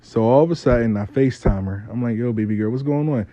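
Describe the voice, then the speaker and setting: A man's voice: medium pitch, quick pace, warm tone, no echo, lo-fi sound. A man telling a story in a casual, profane, streetwise way, speaking as host.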